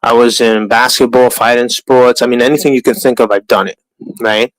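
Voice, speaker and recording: A man's voice: mid-range voice, brisk, poor audio. A man ranting on a live stream, profane and mocking, sometimes putting on voices to imitate others. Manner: animated, profane, mocking impressions.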